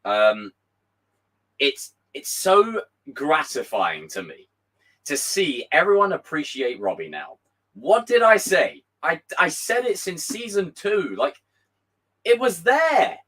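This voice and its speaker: A young man hosting a casual live stream, reading chat aloud with a hoarse voice, animated and swearing freely. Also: fairly high pitch, slow, low-quality recording. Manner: animated, swearing, bursts into shouts.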